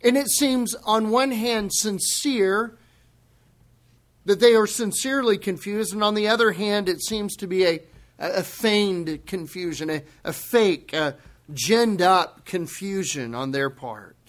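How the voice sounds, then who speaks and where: A man preaching a sermon, slow and deliberate, breaking into dramatic exclamations for emphasis. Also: sits high. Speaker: pastor.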